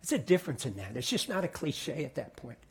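Husky middle-aged male preacher. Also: mid-range voice, very animated, fairly quick. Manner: conversational preaching, repeats words, drops to soft quiet tones. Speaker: pastor. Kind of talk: sermon.

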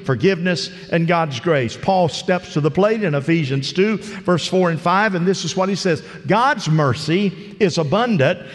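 Male pastor, somewhat higher voice, folksy preaching, lingering hall reverb. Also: expressive, normal speed, hardly any pauses. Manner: conversational preaching, acts out parable voices. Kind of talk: sermon. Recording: long reverb of a large hall.

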